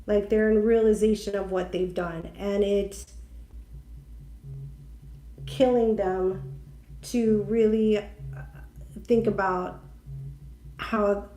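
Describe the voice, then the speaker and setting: A woman thinks aloud through a tarot reading, chatty and openly emotional. Her voice is mellow and unhurried, with a middling pitch. The room sounds echoey, with a faint hiss underneath. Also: steady tone. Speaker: tarot reader. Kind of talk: intuitive tarot reading for viewers.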